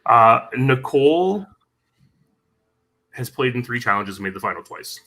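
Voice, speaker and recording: A man guesting on a casual podcast, explaining things with knowledge in a measured way, with frequent ums. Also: medium pitch, sing-song, bright, forceful tone, rough recording.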